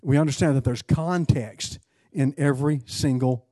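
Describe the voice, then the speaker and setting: A man's voice: mid-range voice, moderate pace, warm tone, dry recording, clean studio sound. A man leading an interactive Bible study, speaking conversationally, asking the class questions and restarting phrases as he goes.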